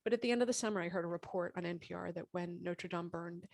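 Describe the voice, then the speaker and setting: A woman in her fifties telling her health story as a podcast guest, animated and lively, acting out what people said. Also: on the low side, quick pace, gravelly, no room sound. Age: 50s. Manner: animated, acts out quoted dialogue. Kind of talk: casual interview storytelling.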